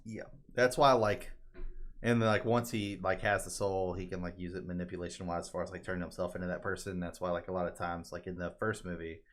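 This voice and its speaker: A man's voice: low voice, fairly quick. A man co-hosting a podcast in casual chat, telling long rambling, profane stories with lots of energy. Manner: rambling, profane, animated storytelling. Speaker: podcast co-host.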